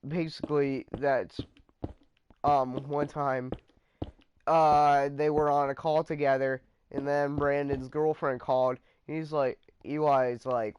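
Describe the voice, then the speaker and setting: A man's voice: on the high side, flat delivery, slow, darkish tone, smooth, no room sound. A man casually telling a story about his friends in a rambling vlog, trailing off with fillers.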